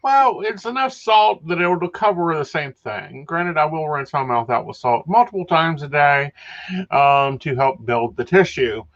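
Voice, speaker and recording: Casting note: man, podcast co-host, lively pitch swings, dull lo-fi audio, dry humor. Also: unhurried. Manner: chatty, wry, recounting with dry humor. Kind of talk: casual chat. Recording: dull lo-fi sound.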